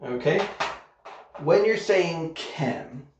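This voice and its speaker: A man's voice: on the high side, expressive, very slow, noisy background. A man teaching an online English grammar lesson, modeling example sentences carefully and checking in with "okay?" as he goes. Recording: echoey room, dull lo-fi sound.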